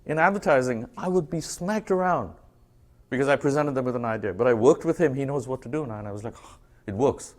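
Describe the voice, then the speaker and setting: Animated man telling a work story. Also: medium pitch, fast. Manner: animated storytelling, acts out dialogue. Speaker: speaker presenting branding work. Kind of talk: conversational presentation to an audience.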